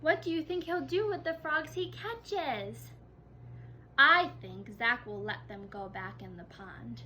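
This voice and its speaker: A woman kindergarten teacher reads aloud to young children, drawing the words out very slowly in a sing-song storybook way. Her voice is high and bright, and her manner is gentle and encouraging. A faint hiss sits behind her. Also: lively intonation. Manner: slow, sing-song, exaggerated storybook reading.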